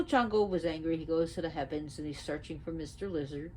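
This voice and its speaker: Lower-voiced woman telling a myth casually. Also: fairly quick, few pauses, a little hiss or hum, low-quality recording. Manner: conversational, animated retelling. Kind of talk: casual storytelling lesson.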